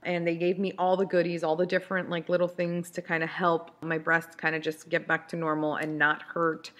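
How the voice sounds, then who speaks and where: Candid, chatty woman podcaster, lower voice. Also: completely flat delivery, brisk, a bit bright. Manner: candid, chatty, frequent restarts and "like". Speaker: podcast host. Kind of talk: personal storytelling monologue.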